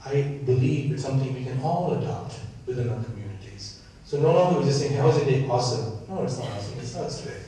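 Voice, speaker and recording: A man's voice: mid-range voice, fast, hardly any pauses, dark tone. A man with an Indian accent moderating a panel discussion, earnest and often checking in with "right?". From San Diego. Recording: echoey room, from far off.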